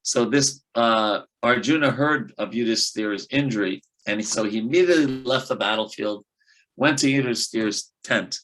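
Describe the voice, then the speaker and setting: Bright-voiced man teaching scripture. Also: medium pitch, normal speed, rough recording. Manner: lively, conversational, with fillers. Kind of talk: classroom lecture with storytelling. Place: temple class room.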